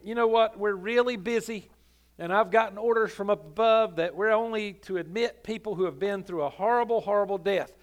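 A man doing a busy, good-natured gatekeeper saint. The voice is brisk, folksy and very high for a man. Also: close to an everyday voice.

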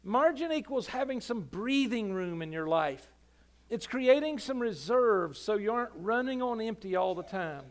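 A man's voice: high-pitched, expressive, normal speed. A male senior pastor giving a sermon in a folksy, conversational manner.

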